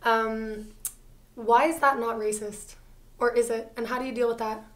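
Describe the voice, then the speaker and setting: A woman's voice: a little high, steady tone, moderate pace. A woman hosting a casual podcast, chatty and curious, asking questions and laughing easily. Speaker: podcast host.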